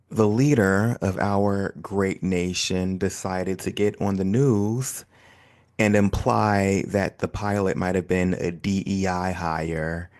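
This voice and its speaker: Gravelly low-voiced man hosting a podcast. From United States. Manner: relaxed, chatty, self-deprecating. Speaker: podcast host. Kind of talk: casual solo podcast chat.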